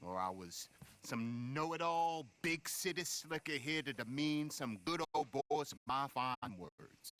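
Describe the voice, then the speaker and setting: A man's voice: mid-range voice, lively intonation, measured pace, fairly bright tone. A meek, wordy medicine man. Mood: apologetic. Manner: formal, wordy, overly polite. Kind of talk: video game voice acting.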